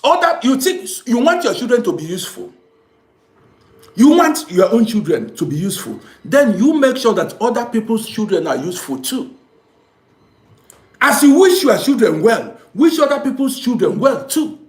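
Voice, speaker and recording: A man's voice: very high-pitched, big pitch swings, normal speed, roomy sound. A man giving a preachy, scolding moral monologue to camera as a social commentator.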